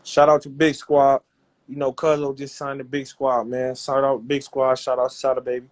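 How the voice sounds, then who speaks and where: A man who runs a rap label, talking loud and profane in repetitive hype bursts while he pushes a cash giveaway on a livestream. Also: mid-range voice, monotone, normal speed. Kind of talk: hyped social media livestream.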